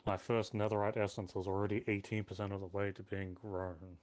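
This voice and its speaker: A man with a fairly low voice speaking in a dry, matter-of-fact way. He chats casually during a game over a voice call, calmly listing off what he has. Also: fairly quick. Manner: dry, matter-of-fact, lists items aloud.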